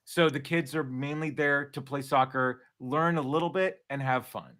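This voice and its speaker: Bright-voiced man telling animated stories. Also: medium pitch, moderate pace. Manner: animated storyteller, acts out quotes. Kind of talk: casual chat.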